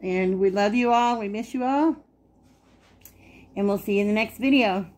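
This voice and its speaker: A woman's voice: medium pitch, normal speed, a little mellow. A woman hosting a casual home cooking video, chatting homely to viewers and sometimes talking with her mouth full. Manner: chatty, homey, talks while eating. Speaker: cooking channel host. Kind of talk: casual cooking vlog talk.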